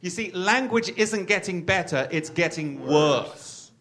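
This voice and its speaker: A man's voice: high voice, lively intonation, measured pace, a bit bright. Male host leading a talk on Hebrew. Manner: repeats words while finding his phrasing. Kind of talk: interview and religious teaching talk.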